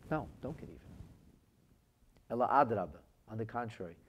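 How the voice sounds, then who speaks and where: A man's voice: fairly low pitch, lively intonation, a little fast, pauses often, slightly rough. A man teaching a Torah class as a rabbi, reading phrases from classic texts aloud and translating them into plain speech. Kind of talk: lively text-based Torah lesson.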